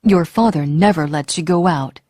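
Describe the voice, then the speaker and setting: Lady doing a deep earnest young guy in a storybook, husky and hushed. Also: normal speed, dry recording, studio quality, lightly acted. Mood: urgent. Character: young man, poor and earnest suitor.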